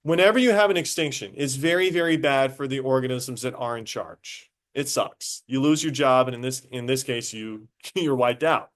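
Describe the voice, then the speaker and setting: A man teaching a high school biology class, casual and talkative, stopping to quiz students directly. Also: normal speed, few pauses. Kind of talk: classroom lecture.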